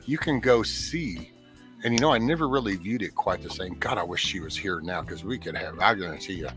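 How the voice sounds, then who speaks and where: A man's voice: deep voice, lively intonation, a little fast, over music. A man hosting a casual chat, talking bluntly with plenty of profanity.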